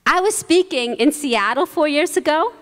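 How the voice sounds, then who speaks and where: A woman rabbi giving a holiday sermon, telling stories with quoted voices and gentle humor. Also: high-pitched, expressive, normal speed. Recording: long reverb in a large hall.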